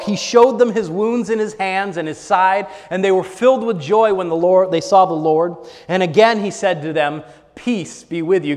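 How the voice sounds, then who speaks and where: Man preaching, high voice, dramatic, goes from loud and bold to hushed, long echo of a hall. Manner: dramatic, swings from bold exclaiming to hushed near-whisper. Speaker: pastor. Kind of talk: sermon.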